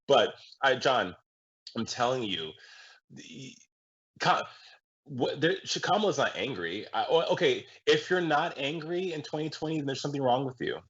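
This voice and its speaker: A male guest commentator on a political talk show, speaking in an impassioned, halting way with many restarts. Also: mid-range voice, lively intonation, a bit bright. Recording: muffled lo-fi audio.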